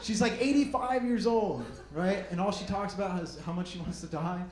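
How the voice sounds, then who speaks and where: A male stand-up comedian with a high voice, telling stories and acting out scenes. The room is roomy, and loud noise runs underneath the whole set. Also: moderate pace. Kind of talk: stand-up routine. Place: comedy stage.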